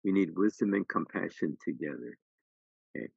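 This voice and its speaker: Low, gravelly minister giving a dharma talk. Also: male voice, lively intonation, normal speed, a little mellow, no echo, dull audio. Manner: storytelling with many restarts, then emphatic. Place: temple hall.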